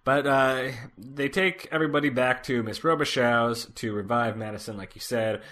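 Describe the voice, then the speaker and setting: A man co-hosting a casual podcast, recapping a TV episode in a relaxed way, with lots of fillers. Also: mid-range voice, normal speed. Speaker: podcast co-host.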